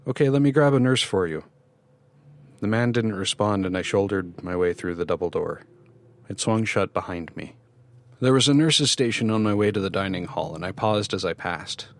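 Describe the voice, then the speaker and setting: A man reading a first-person horror story in measured scripted narration. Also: low voice.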